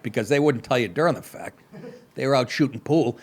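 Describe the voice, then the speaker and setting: A man's voice: medium pitch, big pitch swings, unhurried, long pauses. A middle-aged man hosting a comedy podcast, reading news stories aloud and breaking off into profane, sarcastic asides.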